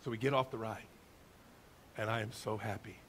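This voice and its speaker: A middle-aged male pastor telling a funny story in a sermon, with a lively, self-mocking manner. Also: fairly low pitch, moderate pace, breathy edge.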